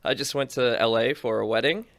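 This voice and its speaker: A man's voice: medium pitch, fairly quick, a bit bright. A man co-hosting a podcast in casual chat, laughing and swearing freely as he tells stories. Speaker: podcast co-host.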